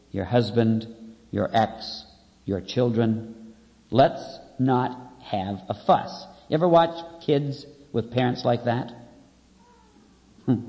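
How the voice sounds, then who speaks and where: Wry conversational preacher in an echoing hall. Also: male voice, medium pitch. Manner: conversational, wry, repeats key phrases. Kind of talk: sermon. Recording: dull lo-fi audio with long hall reverb.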